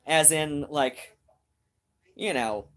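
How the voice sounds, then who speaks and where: A woman with a slightly low voice hosts a casual live stream. She rambles through a story, circling back with fillers and restarts. She talks directly to the viewers watching in chat. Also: extremely slow.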